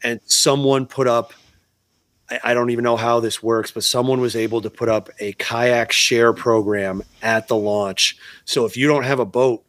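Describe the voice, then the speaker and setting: A man talks in a casual podcast chat, circling back and restarting as he goes. His voice sits at an ordinary middle pitch. The sound is dry and close, with no room echo. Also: steady tone, moderate pace, a bit bright. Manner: rambling, frequent restarts, swears freely. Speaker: podcast co-host.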